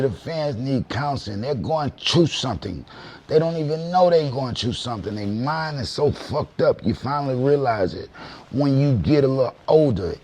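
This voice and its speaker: A man's voice: mid-range voice, darkish tone. A man giving a blunt, profane rant in street slang, repeating "you know what I mean" often. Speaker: commentator in a viral clip. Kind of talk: unfiltered rant.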